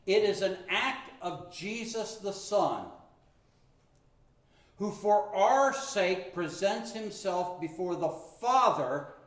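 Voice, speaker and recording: A male pastor preaching with animated storytelling and joking asides. His voice sits high and swoops widely, unhurried and slow, echoing around the room. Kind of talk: sermon. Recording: echoey room.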